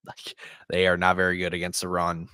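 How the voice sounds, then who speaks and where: A man's voice: low-pitched, completely flat delivery, brisk, sharp tone, clean tone, no echo, clean studio sound. A man co-hosting a podcast, laid-back but stat-heavy as he makes his fantasy football case. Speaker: podcast co-host. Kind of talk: casual fantasy football chat.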